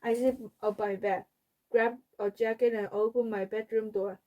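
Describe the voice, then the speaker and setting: A woman, a native Korean speaker, reading a children's book aloud in English, carefully and deliberately. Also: a little high, steady tone, dull audio.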